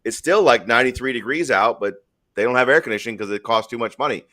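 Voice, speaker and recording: A man's voice: medium pitch, quick pace, a bit bright. A man hosting a live stream in casual chat, rambling through stories in a blunt, profane way.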